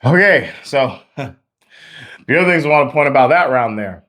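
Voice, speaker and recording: A man teaching a singing lesson as a vocal coach, out of breath and talking with energetic, repeated emphasis. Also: mid-range voice, a little slow. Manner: energetic, repetitive emphasis, laughs between points.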